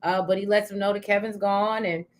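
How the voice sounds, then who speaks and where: A chatty woman, co-hosting a casual TV recap. She thinks aloud with frequent "um"s. She talks over a video call at a middle pitch. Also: steady tone, brisk. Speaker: co-host of a TV recap show.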